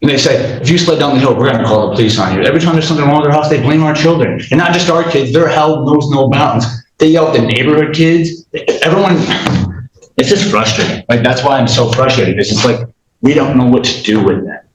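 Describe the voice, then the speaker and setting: An agitated man in his thirties pleads his side before a judge, tumbling through restarts and mimicking the people he quotes. His voice sits at an ordinary pitch and rings out in a roomy courtroom with a faint hiss behind it. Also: fast. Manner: agitated, rambling, restarts sentences, acts out quotes. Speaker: litigant in small claims court. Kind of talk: heated courtroom testimony.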